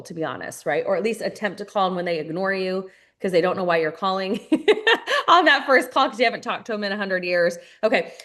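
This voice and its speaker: A woman's voice: medium pitch, fairly bright tone. Upbeat woman coaching her sales team. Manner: upbeat coaching, addresses listeners as "you guys", repeats phrases for emphasis. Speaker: sales team leader training new members. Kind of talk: live online training session.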